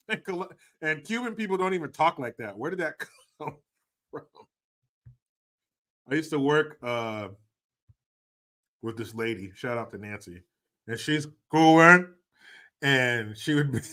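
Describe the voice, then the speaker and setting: A man's voice: fairly high pitch, sharp tone. A man hosting a livestream, joking crudely, laughing often and reading out viewer donations in casual commentary. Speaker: livestream host.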